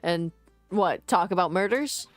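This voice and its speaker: A woman voicing a skeptical young male defense lawyer, read dry and low. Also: a little slow, no echo, faint music behind, lightly acted.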